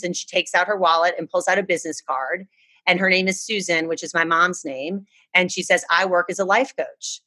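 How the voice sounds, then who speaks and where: A woman's voice: on the low side, steady tone, fairly quick, bright, forceful tone. A woman from the United States, earnestly telling a personal story in a casual chat. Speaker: guest.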